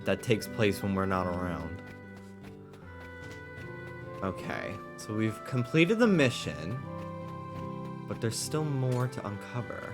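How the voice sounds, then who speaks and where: A man's voice: on the low side, animated, takes it slowly, pauses often, over music. Chatty gamer man talking to his dogs. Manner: chatty, fond baby talk to his dogs. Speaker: streamer. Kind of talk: casual live-stream chat while gaming.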